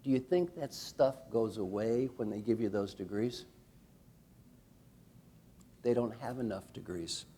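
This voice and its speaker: A man leading a workshop as a coach, talking playfully and rallying a live audience. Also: mid-range voice. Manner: animated, playful, rallying the crowd.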